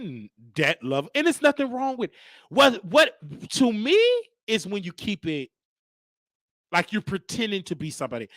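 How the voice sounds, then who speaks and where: Campy guy host spilling celeb gossip, swoops way up into falsetto, super bouncy, dry close sound. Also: fairly bright tone, dry recording. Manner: campy, theatrical, swings into high falsetto; gossipy, teasing. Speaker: show host.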